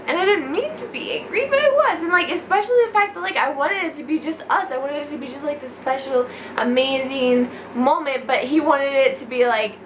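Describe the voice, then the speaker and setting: A young woman vlogger telling a story in casual chat, animated, swearing and laughing often. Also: high voice, brisk, slight background noise.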